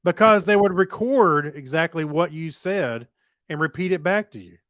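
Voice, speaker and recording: A man co-hosting a podcast, chatting casually with quick asides and restarts. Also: fairly high pitch, expressive, fairly bright tone, dry recording, clean studio sound. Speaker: podcast co-host. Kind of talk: casual tech news chat.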